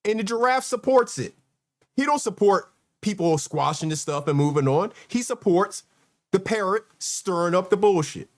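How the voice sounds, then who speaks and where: A man's voice: high voice, lively intonation, moderate pace. A man hosting a livestream, commenting on played clips in a sarcastic, exasperated way. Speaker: host.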